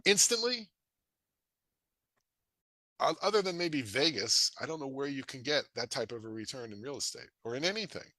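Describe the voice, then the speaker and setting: A middle-aged man presenting to an audience in an energetic, folksy way, acting out dialogue. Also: normal speed, long pauses, dry recording. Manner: energetic, folksy, acts out dialogue with rising pitch. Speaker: real estate investor presenting a webinar.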